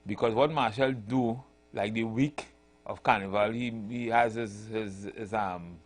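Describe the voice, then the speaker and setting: A man hosting a radio talk show, chatting in a relaxed, agreeable way. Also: fairly low pitch, unhurried. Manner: relaxed, agreeable, chuckles often. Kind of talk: casual radio chat.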